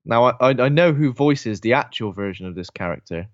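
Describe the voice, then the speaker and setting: A man's voice: medium pitch, expressive, fairly quick, dry recording, muffled recording. A man co-hosting a casual film podcast, musing about the plot and answering trivia with jokey asides. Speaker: podcast co-host.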